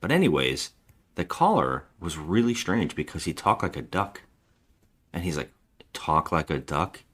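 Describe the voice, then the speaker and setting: Low-voiced man acting out film scenes. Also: unhurried, husky. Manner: animated, acts out character lines. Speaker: podcast co-host. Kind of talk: casual chat about a film.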